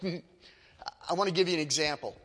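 A man's voice: fairly high pitch, moderate pace, fairly bright tone, in a large hall. A male pastor preaching a sermon with emphatic, dramatic storytelling.

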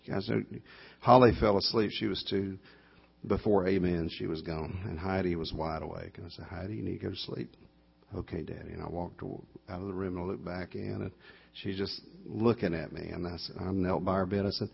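A low, gravelly middle-aged man with a drawl, rambling through a homespun story and correcting himself as he goes. His voice is husky, and the live church recording sounds dull and lo-fi. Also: fairly even intonation, brisk. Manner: folksy, meandering, self-correcting. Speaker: guest guitarist telling a story at a church concert.

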